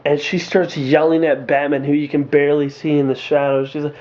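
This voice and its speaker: A man casually reviewing movies in a rambling, excitable way, full of fillers and restarts. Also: a little high, a little fast. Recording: dull lo-fi home recording.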